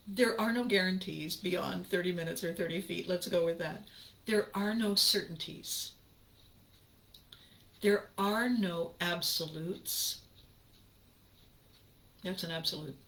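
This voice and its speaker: A woman hosting her own channel, talking casually to viewers, laughing often and drifting into slow, reflective musing. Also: medium pitch, a bit bright. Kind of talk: casual livestream chat with viewers.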